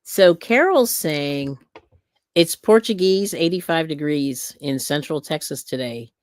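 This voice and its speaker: Low-voiced woman hosting a livestream, dry sound. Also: expressive, unhurried, a little mellow, dry recording. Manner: reads viewer comments aloud, easygoing. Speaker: livestream host. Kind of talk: casual chat on a livestream.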